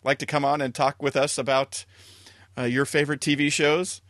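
A man's voice: mid-range voice, little pitch movement, normal speed, a bit bright, no echo. A male podcast host with a mid-range voice and a very dry, close sound. He rambles through his closing announcements in an easygoing, chuckling way, as if talking on a video call. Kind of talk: casual podcast chat.

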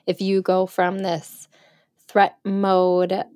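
A woman's voice: mid-range voice, completely flat delivery, drawn-out words, a little mellow, clean tone, no echo, studio quality. A woman, a mother, thinking aloud in a casual chat about how she talks to her son. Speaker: guest mother. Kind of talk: casual conversation.

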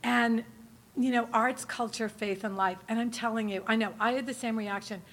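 Bright, chatty woman with a laughing voice. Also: a little high, steady tone, moderate pace. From New Hampshire. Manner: chatty, rambling, laughs often, lots of fillers. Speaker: speaker giving a testimony talk. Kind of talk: casual storytelling to a live audience.

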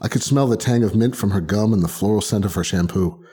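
A man's voice: lowish voice, quick pace, mellow, husky. A man narrating a short story in the first person, reading expressively and voicing the characters. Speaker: podcast narrator. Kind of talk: audiobook narration.

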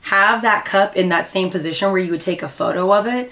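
A woman co-hosting a casual podcast, agreeing easily and explaining in a relaxed way. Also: medium pitch, brisk. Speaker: podcast co-host, artist.

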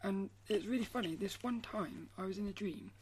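At a moderate pace and in a mid-range voice, a woman artist speaks casually to her camera. She stays soft, often falls into a breathy half-whisper, and rambles, restarting what she's saying.

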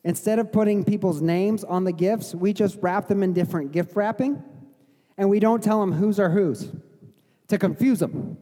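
A man's voice: high-pitched, normal speed, dark tone, big-room sound. A middle-aged man preaching a conversational sermon as pastor, sometimes acting out the crowd's voices. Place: church sanctuary.

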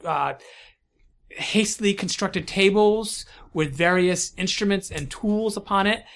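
A man's voice: high-pitched, unhurried, fairly bright tone. A man as game master, describing a scene in a rambling way with many restarts. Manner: rambling, many fillers and restarts, laughs often. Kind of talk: narrating a tabletop game.

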